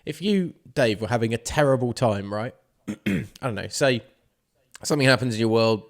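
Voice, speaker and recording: A man's voice: mid-range voice, normal speed. A man co-hosting a casual sports podcast, arguing his points heatedly. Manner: heated, argumentative. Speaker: podcast co-host.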